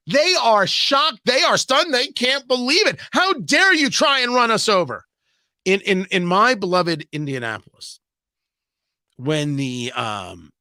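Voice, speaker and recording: A man's voice: high voice, pushed and bright, no echo. A man hosting a radio talk show, delivering an emphatic, sarcastic political monologue full of rhetorical questions and repetition, on a close studio microphone.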